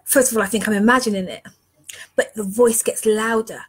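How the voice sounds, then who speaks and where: A woman leadership coach telling a personal story in an earnest, animated way. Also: medium pitch, fairly quick, slightly rough.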